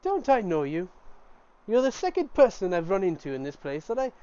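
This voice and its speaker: A man's voice: high-pitched, huge pitch swings, fairly quick, warm tone, clean tone, muffled recording, pitched above the performer's own voice. A man voicing a bitter older male ex-circus owner turned mystic, formal and wheedling.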